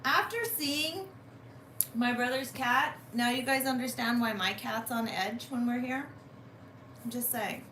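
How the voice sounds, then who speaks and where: A woman chats to her viewers from home in a casual, chatty way, swearing now and then. Her voice sits a bit high and she drawls her words slowly. The phone recording has an echoey room and faint hiss. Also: fairly even intonation, a bit bright. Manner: chatty, swearing, drawn-out complaining. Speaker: vlogger. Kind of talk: casual vlog chat. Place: at home indoors.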